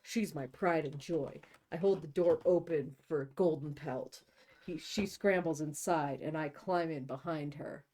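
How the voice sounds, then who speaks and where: Woman host, comic read-aloud of a novel, deadpan delivery, jokey asides, lowish pitch. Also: unhurried.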